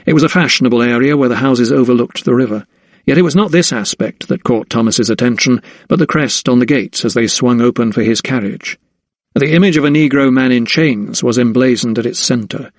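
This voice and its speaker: In a clean studio recording with no echo, a man of medium pitch narrates an audiobook. His scripted narration follows a measured storytelling style.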